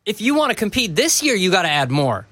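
Bright, high-voiced man on sports radio. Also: sing-song, fast, no echo. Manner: emphatic, argumentative.

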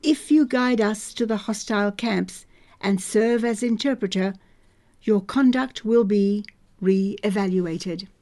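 A woman's voice: mid-range voice, takes it slowly, a little mellow. A woman voicing a young male army lieutenant who questions a prisoner in a formal, clipped, suspicious way. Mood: stern.

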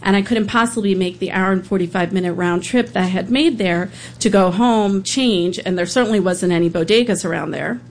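A woman who works as a public defender, telling a true personal story live in an earnest, halting, emotional way. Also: mid-range voice.

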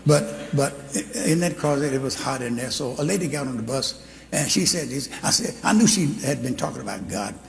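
A man preaching a sermon, telling his testimony with animated storytelling that rises into fervent preaching. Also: medium pitch, brisk, vocal fry. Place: church sanctuary. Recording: long hall reverb.

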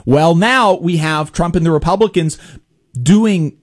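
A man hosting a political commentary show, talking in a halting way with many fillers and restarts and wry laughs. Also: on the high side.

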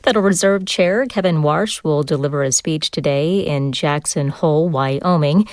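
A woman reads the news in a measured, crisp delivery. Her voice sits low. The studio sound is dry and close. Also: a little mellow, dry recording. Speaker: newscaster. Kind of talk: newscast reading.

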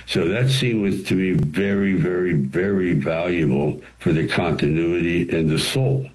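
A man, an actor and screenwriter, telling studio stories as an interview guest in an animated way, with frequent restarts. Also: low-pitched, measured pace, poor audio. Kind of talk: anecdotal storytelling.

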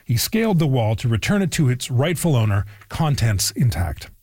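Brief: male radio presenter, animated, up-and-down reading voice, dry studio sound. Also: mid-range voice, normal speed, husky, dry recording. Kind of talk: scripted radio introduction.

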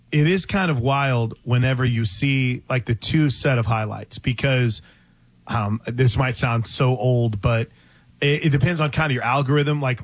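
A man co-hosting a sports talk show, animated and thinking aloud in casual chat. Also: medium pitch, no room sound. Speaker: podcast co-host.

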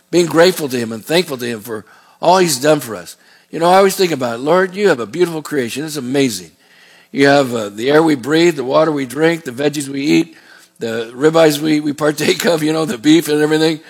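A middle-aged man preaching from the pulpit, his voice sitting a little high for a man. He reads scripture slowly and deliberately, then drifts into folksy, rambling asides. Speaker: pastor. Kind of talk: sermon.

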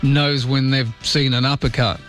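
A man's voice: mid-range voice, level tone, normal speed, a bit bright, faint music behind. A man hosting a radio talk show, rambling and joking in casual chat. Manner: rambling, jokey and chatty.

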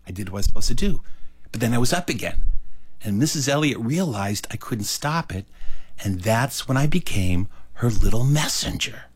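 A man telling a childhood story aloud, animated and acting out the characters' lines. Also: moderate pace, breathy edge. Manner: animated, acts out characters with big pitch leaps. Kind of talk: told story performed for listeners.

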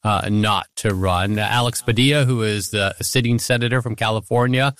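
Brief: male co-host, lowish voice, dry studio sound, hesitant conversational analysis. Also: fairly even intonation, a bit bright, no echo. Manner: thoughtful, frequent "uh" pauses. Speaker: podcast co-host. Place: studio in Washington.

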